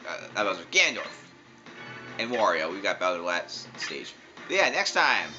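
Excitable man commenting on gameplay. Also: medium pitch. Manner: excitable, jokey, talks to the game characters. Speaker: let's play commentator. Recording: dull lo-fi sound with loud game music.

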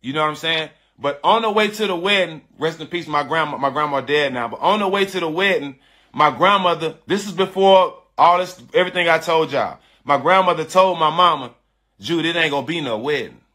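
A man with a fairly high, bright, forceful voice tells his online viewers a story, speaking fairly quickly in loose slang. He's animated, emphatic and frank, confessing things, circling back to repeat key lines and calling listeners "dog" and "bro."

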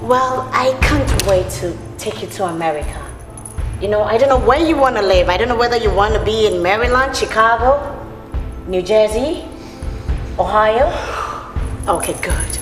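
A woman's voice: mid-range voice, normal speed, close to an everyday voice. An actress playing a Ghanaian woman posing as an American, apologetic and chatty with many fillers. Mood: persuasive. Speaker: film character. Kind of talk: film acting. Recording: echoey hall with loud film music.

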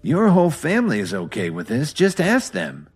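A man voicing an arrogant, menacing male fighter who talks in a sneering, threatening way, with a husky voice. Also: on the high side, huge pitch swings, normal speed, soft background music, pitched above the performer's own voice, heavily acted. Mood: smug.

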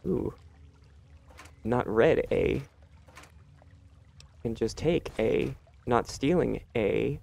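Let's-play host, man, gravelly edge, dry sarcastic running commentary. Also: medium pitch, drawn-out words, pauses often, a little mellow. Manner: joking, sarcastic, talks back to game characters. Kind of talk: gameplay commentary.

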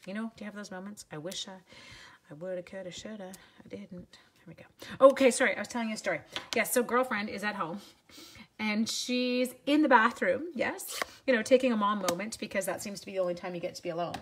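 A woman's voice: mid-range voice, a bit bright, slight background noise. A woman, hosting a casual live craft demo at home and chatting upbeat with viewers while she works. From Canada. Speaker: craft demonstrator.

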